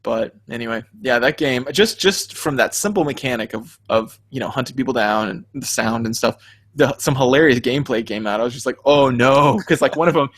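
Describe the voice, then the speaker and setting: Husky, animated man telling a story. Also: mid-range voice, a little fast, no room sound. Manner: animated storyteller acting out his own reactions; laughs often mid-sentence. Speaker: podcast co-host. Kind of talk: casual chat.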